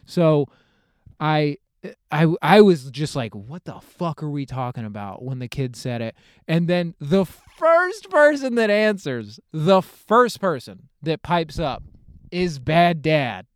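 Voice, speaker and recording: A young man, telling a comedic story on his podcast in a rambling, profane, animated way. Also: fairly high pitch, slow, clean tone, dry recording, studio quality. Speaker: podcast host.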